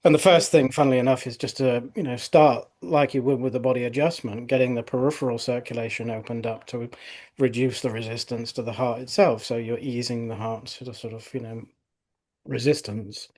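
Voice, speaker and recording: A middle-aged male osteopath recounting patient cases in a relaxed podcast conversation, full of fillers like "you know". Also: mid-range voice, brisk. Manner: conversational storytelling with frequent fillers.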